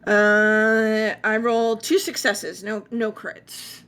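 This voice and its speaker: A woman's voice: a little high, little pitch movement, slow pace, background noise. A woman player in a tabletop role-playing game, talking hesitantly and counting her dice aloud.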